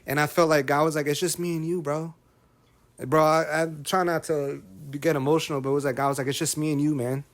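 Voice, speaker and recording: A man's voice: on the high side, little pitch movement, fairly quick. A man in his thirties talking candidly as a podcast guest, emotional and preachy, often repeating phrases. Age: 30s. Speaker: guest, rapper and content creator.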